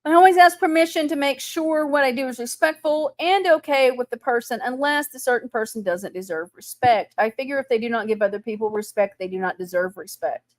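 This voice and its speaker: A woman's voice: high voice, a little fast, few pauses, no room sound. A middle-aged woman with a Texan accent hosting a casual live chat, chatty and laughing often as she greets viewers. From Texas. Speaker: livestream host.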